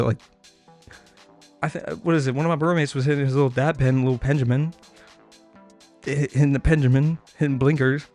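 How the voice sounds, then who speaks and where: A man's voice: fairly high pitch, moderate pace, pauses often, a little mellow. A young man tells a storytime in a loose, rambling way. He swears freely, stacks up filler words and laughs at his own tangents. Faint music plays behind him. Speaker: streamer telling a story.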